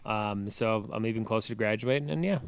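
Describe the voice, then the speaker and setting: A young man on a podcast telling a profane, animated story, breaking into loud yelling at times. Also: on the low side, fairly quick, slight background noise. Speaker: podcast co-host. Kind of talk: casual storytelling chat.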